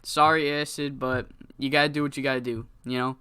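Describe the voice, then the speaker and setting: Animated man narrating a wrestling game. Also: medium pitch, a little fast, clean tone. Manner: animated, laughing storyteller. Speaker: gamer narrating a wrestling sim. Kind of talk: casual, profane let's-play commentary.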